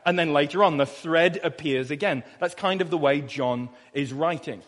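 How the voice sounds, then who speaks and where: A man from Suffolk, England, preaching a sermon as pastor, reading scripture slowly and then explaining it in a chatty, anecdotal way. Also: high-pitched, fairly bright tone, big-room sound. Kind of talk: expository sermon. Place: church hall.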